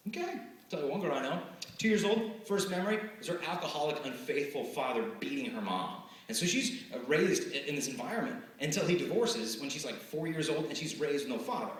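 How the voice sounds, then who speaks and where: Animated man talking in an echoey hall. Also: fairly high pitch, a little fast. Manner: animated, acts out quoted voices. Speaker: speaker addressing students. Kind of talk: live motivational talk to an audience. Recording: echoey hall from far off, faint hiss.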